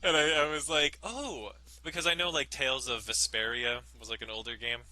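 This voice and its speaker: A man's voice: medium pitch, fairly quick, pushed and bright. A man from Virginia co-hosting a podcast, chatting casually and animatedly. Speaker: podcast co-host. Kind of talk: casual chat. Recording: echoey room.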